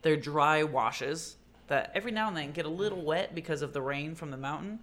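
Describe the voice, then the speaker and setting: A man's voice: fairly high pitch, brisk. A man co-hosting a casual podcast chat, telling stories animatedly and laughing often while acting out other people's voices. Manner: animated storyteller who acts out others' voices. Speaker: podcast co-host.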